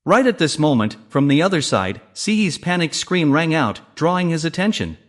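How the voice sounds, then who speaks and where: Lively man narrating a comic recap. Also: fairly high pitch, normal speed. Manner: lively storytelling, reading every character's lines in the same voice.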